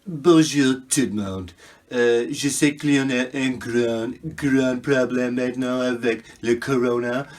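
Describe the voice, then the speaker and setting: A bumbling prime minister, played by a man rambles along, halting and hesitant, at an even middle pitch. He stops and restarts often. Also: close to an everyday voice. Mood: rambling.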